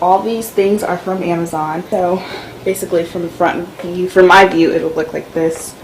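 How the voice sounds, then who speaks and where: A woman's voice: fairly low pitch, a little hiss or hum, rough recording. Chatty woman touring her home studio. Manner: chatty, loose, lots of fillers. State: out of breath. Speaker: vlogger. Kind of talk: casual room tour vlog. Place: home office and filming room. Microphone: camera-mounted mic.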